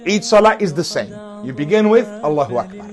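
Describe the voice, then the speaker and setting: A man teaching step by step how to pray a prayer at home, calling out the takbirs loud and drawn out. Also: fairly high pitch, very animated, fast, soft background music. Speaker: religious teacher. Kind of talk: instructional talk.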